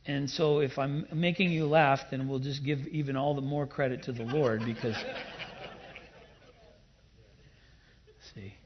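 A man preaching a sermon in an emphatic way, with playful asides and loud bursts of emphasis. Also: mid-range voice, steady tone, takes it slowly, long pauses, muffled recording, background noise. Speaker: pastor.

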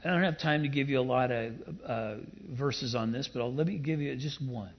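A man preaching a sermon in an emphatic way, with playful asides and loud bursts of emphasis. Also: medium pitch, normal speed, dull audio. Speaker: pastor.

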